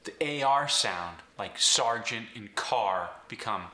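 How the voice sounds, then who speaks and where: Bright-voiced coach. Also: male voice, on the low side, animated, takes it slowly, roomy sound. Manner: clear step-by-step instruction. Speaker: accent coach. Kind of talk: instructional explanation.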